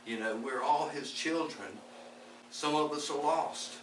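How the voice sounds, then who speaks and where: A man's voice: a little high, unhurried, fairly bright tone. Guy sharing his faith story, rambly and earnest, echoey room, sounds far off, noisy. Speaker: lay preacher. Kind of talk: testimony-style faith talk. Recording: echoey distant recording with background noise.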